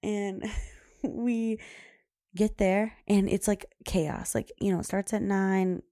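Young woman, podcast host, casual storytelling, gravelly, mellow tone, says "like" a lot. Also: medium pitch, steady tone, slow, no echo, clean studio sound. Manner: chatty, heavy use of "like", laughs often.

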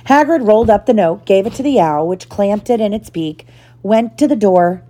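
A mother reads a chapter book aloud to her young child at a steady, gentle pace. Her voice is mellow and warm, sitting in a middle pitch. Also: normal speed. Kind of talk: reading a storybook aloud.

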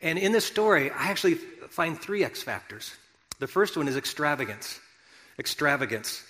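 A man with a fairly high voice preaches a sermon in a large hall, and his words ring out with a long reverb. His delivery is conversational and animated, quiet asides giving way to loud, excited bursts. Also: moderate pace. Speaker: pastor.

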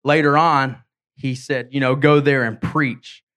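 A man preaching a sermon as an evangelist, retelling a story in casual words and reading scripture aloud with halting slips. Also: medium pitch, steady tone, fairly bright tone. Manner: storytelling, voicing characters in a casual way.

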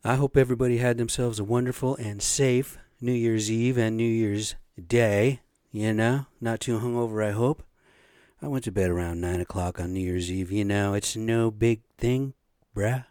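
A man's voice: on the low side, steady tone, normal speed, a little mellow, no echo, studio quality. A man in his late fifties, a podcast host, rambling through a blunt, profane casual monologue. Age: 50s.

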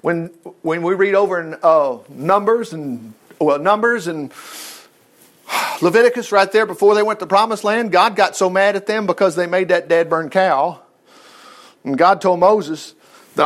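A man's voice: high voice, expressive, moderate pace. A middle-aged man teaching from the Bible in a folksy, rambling way, full of asides and exclamations. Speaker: preacher.

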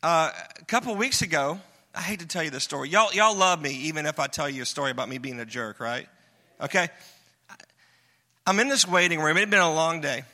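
A man's voice: on the high side, expressive, fairly quick, sharp tone. A man preaching a humorous sermon, telling stories and mimicking voices. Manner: storytelling, mimics voices, chuckles often. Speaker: pastor. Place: church sanctuary. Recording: long hall reverb.

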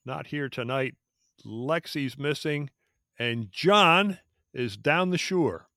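A man's voice: a little high, slow pace, pushed and bright, dry recording, clean studio sound. Friendly man hosting a podcast. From Philadelphia area. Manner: friendly, folksy, asks questions to the group. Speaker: podcast host. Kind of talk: casual chat.

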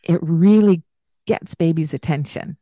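A woman hosting a parenting chat, calmly explaining and now and then slipping into high sing-song baby talk. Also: unhurried, no room sound. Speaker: parenting podcast host.

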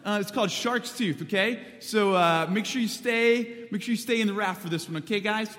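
A man's voice: mid-range voice, moderate pace, in a large hall, lightly acted. A man voicing a laid-back young male rafting guide with a breezy, drawling bro manner.

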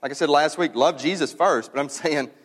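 A man preaching a sermon in a relaxed, conversational way, with casual slang and lively emphasis. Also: on the high side, a little fast. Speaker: pastor. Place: church sanctuary. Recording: long reverb of a church hall.

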